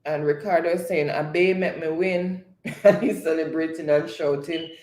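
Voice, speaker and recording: A man hosting a live stream, reading viewers' chat comments aloud in a relaxed way and often laughing. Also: a little high, moderate pace. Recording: echoey room.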